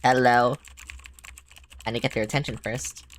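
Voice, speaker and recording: A woman's voice: extremely low pitch, unhurried, noisy background. A woman streamer playing a game, making casual, joking remarks with swearing and laughing asides. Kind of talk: casual let's-play commentary.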